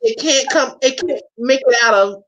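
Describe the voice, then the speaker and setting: A woman's voice: high-pitched, normal speed, fairly bright tone, muffled recording. A woman hosting a casual holiday chat over a video call, playful, laughing often and breaking into bits of song. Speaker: host.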